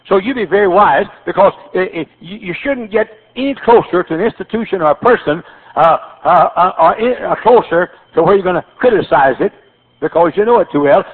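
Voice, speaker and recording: Husky older preacher, tinny recording. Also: male voice, high voice. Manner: folksy storytelling with repetitions and stammered restarts. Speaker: pastor. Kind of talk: sermon. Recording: tinny phone-like sermon recording.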